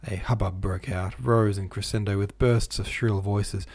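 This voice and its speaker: Husky-voiced man reading a novel aloud. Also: lowish voice. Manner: steady, measured reading that stops to explain footnotes. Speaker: audiobook reader.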